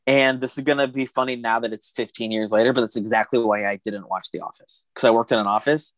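A man of ordinary pitch chats casually, spinning out long animated stretches and slipping into quoted asides. His voice sits close and dry on the mic, with no room sound around it. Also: quick pace, dry recording. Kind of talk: casual chat about TV shows.

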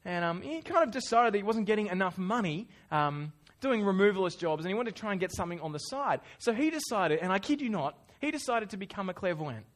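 A man with an Australian accent preaching a sermon, telling stories in a lively, conversational way. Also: high voice, quick pace, few pauses. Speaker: pastor. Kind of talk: sermon with storytelling.

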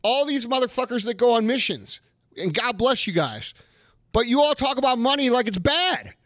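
A man's voice: very high-pitched, sing-song, moderate pace, sharp tone, no echo, clean studio sound. Heated, profane man in his thirties. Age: 30s. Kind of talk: casual chat.

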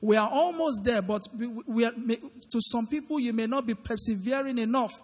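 High-voiced preacher in a reverberant hall. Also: male voice, fairly quick. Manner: questioning the congregation, call-and-response. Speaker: preacher leading a midweek Bible study. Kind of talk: interactive sermon. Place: large church hall. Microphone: handheld microphone. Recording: long church-hall reverb.

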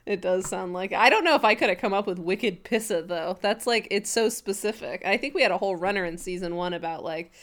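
A woman's voice: mid-range voice, a little fast, few pauses, fairly bright tone. A woman co-hosting a comedy podcast, chatting casually in a playful, sarcastic way and laughing often. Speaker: podcast co-host.

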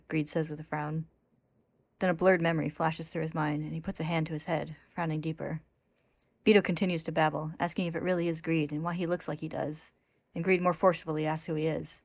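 A woman narrating a story recap in a steady, plain retelling voice. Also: low voice, a little fast, gravelly, dry recording.

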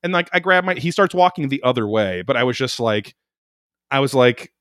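Casting: man telling a rambling, swear-heavy story, middle pitch, dry close sound. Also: a little fast, clean tone, no echo. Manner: animated, profane, rambling storyteller. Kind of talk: casual chat, storytelling.

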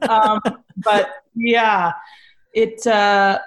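A woman guest telling an emotional story on a video-call podcast, animated, laughing often and swearing freely. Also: medium pitch, extremely slow.

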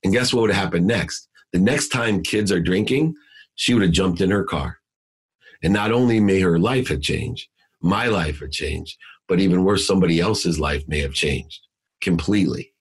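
A man's voice: low-pitched, normal speed, slightly rough. A middle-aged man, a guest speaker, telling a motivational story in an emphatic, preachy way that repeats key words.

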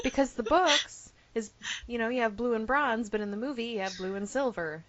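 A woman's voice: fairly high pitch, big pitch swings, moderate pace, slight background noise. A woman co-hosting a casual fan podcast. She talks in a chatty, emphatic way, swears freely and drops in plenty of "you know". The sound is a bit dull and lo-fi. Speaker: podcast co-host.

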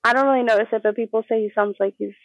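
A woman's voice: on the high side, steady tone, very fast, no echo, poor audio. A woman with a generic English accent, a guest chatting casually, laughing often and restarting her sentences. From England. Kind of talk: casual chat.

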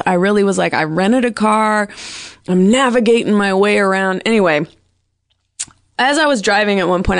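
A woman comedian with a husky voice, hosting her show in a rambling, sardonic, self-deprecating monologue. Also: lowish voice, dry recording, studio quality.

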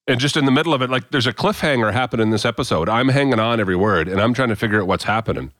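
A man's voice: medium pitch, rapid-fire, no room sound. Canadian man, dry close sound, storytelling. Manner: animated storyteller, laughs often. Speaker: podcast co-host. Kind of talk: casual chat among friends.

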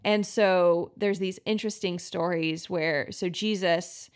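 A woman's voice: lowish voice, steady tone, a little slow, clear, resonant tone. A woman hosting her own podcast as a health practitioner, talking casually with lots of fillers and acting out quoted voices. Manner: chatty, many "like" fillers, acts out quoted voices. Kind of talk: casual solo podcast talk.

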